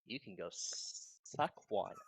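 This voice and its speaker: A man's voice: deep voice, lively intonation, measured pace, creaky, breathy edge. A man playing a tabletop game, joking in casual banter. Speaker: player.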